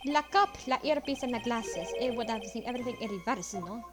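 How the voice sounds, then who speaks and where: A flamboyant male chef with a put-on French accent gushes and drops French words into every sentence, as a woman puts him on. His voice rides high and loud. Game music plays steadily behind him. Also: lively intonation, brisk, natural voice. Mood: theatrical. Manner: gushing, sprinkles French words.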